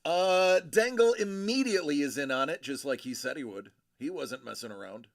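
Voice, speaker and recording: A man's voice: fairly high pitch, lively intonation, normal speed, gravelly, dry recording, clean studio sound. A man hosting a casual live stream, rambling and joking as he reads comments, often stopping and restarting. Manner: rambling, self-interrupting, joking. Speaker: collectibles live-stream host.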